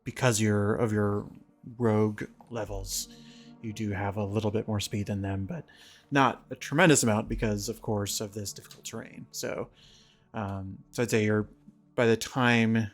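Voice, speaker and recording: A man running a tabletop game as game master, narrating in a relaxed, halting way with many fillers. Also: fairly low pitch, soft background music.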